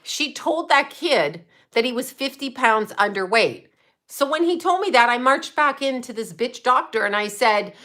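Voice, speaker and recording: A woman's voice: fairly high pitch, lively intonation, bright, forceful tone. A middle-aged woman from Canada ranting bluntly and profanely in a casual livestream. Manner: blunt, profane, fast-shifting rant with laughs. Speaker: livestream host.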